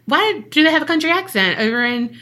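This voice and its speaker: Bright-voiced woman telling a story. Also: high voice, lively intonation, a little fast. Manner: profane, jokey storytelling. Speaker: podcast co-host. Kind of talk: casual storytelling chat.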